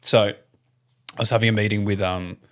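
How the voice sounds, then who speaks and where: A young Australian man co-hosting a podcast, telling a story in an animated, casual way, swearing freely and laughing often. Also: fairly low pitch, fairly quick. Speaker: podcast co-host. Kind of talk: casual chat.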